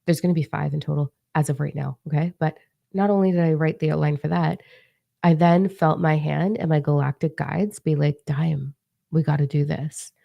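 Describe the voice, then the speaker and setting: A young woman telling a story in a chatty, animated way, with casual swearing, as a spiritual teacher and author in a vlog. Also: low voice, a little fast, vocal fry, no room sound, lo-fi sound.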